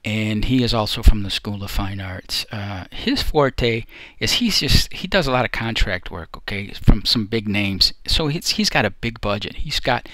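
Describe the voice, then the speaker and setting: A man's voice: lowish voice, animated, moderate pace, hardly any pauses, fairly bright tone, dry recording. A man hosting a casual talk that ranks photography instructors, rambling a little and restarting phrases as he goes. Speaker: host ranking photography instructors.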